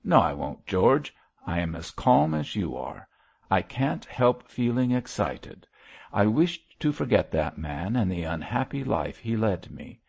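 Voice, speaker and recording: A man's voice: lowish voice, very animated, a little slow, creaky, a little mellow, dull audio, voice pushed up, full character voice. A man voicing a passionate, defiant middle-aged wife, speaking vehemently and emotionally.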